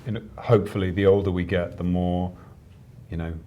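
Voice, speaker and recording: Deep-voiced man, halting and hesitant. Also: little pitch movement, lo-fi sound. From Britain. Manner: hesitant, halting, with many fillers. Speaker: actor receiving an award. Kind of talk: casual interview chat.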